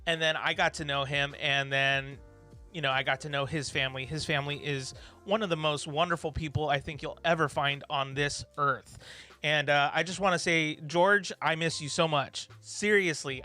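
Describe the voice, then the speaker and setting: A man's voice: a little high, steady tone, normal speed, bright, forceful tone, faint music behind. A man hosting a study livestream, chatting casually with viewers, rambling and encouraging with plenty of fillers. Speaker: livestream host. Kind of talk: casual chat reading viewer comments.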